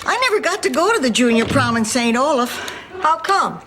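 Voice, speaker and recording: A woman's voice: high voice, lively intonation, moderate pace. A woman acting in a sitcom with a sweet, earnest delivery. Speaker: actor in a sitcom clip. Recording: noisy old TV audio.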